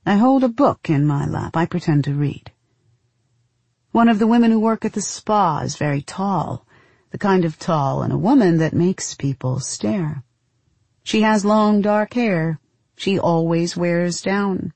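A woman narrating a first-person story in a measured, intimate, deadpan way. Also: on the low side, vocal fry, dry recording.

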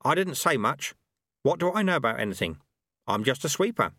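A man's voice: mid-range voice, big pitch swings, a little fast, bright, forceful tone, no echo, clean studio sound, voice pushed up, full character voice. A man voicing a wily old male monastery sweeper who talks in a chirpy, folksy, teasing way.

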